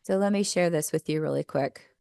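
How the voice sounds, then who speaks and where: A woman's voice: low voice, brisk, vocal fry, dark tone, no echo, studio quality. Upbeat woman coaching a workshop. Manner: upbeat, coaching, asks the audience questions. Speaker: teacher trainer. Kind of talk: workshop presentation.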